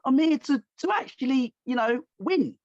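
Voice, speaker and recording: A man with a fairly high voice tells stories in a casual podcast chat, jumping into the voices of people he quotes. The recording is dry and slightly dull, with a lo-fi tone. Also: moderate pace, no room sound. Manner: animated, acts out quoted voices. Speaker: podcast host.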